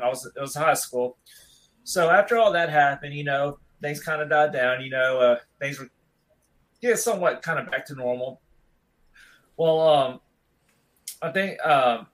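A man in his thirties spinning a long, loose story in easygoing casual chat. His voice sits a little higher than most men's. He rambles along, relaxed, dropping "dude" all the time. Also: rough recording. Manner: rambling, laid-back, says "dude" a lot.

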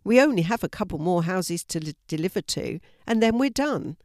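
A woman's voice: on the low side, expressive, a little fast, no room sound, studio quality, natural voice. A woman reading a storybook, voicing a cheerful, helpful young girl in a raised, eager voice. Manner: bright, eager, friendly.

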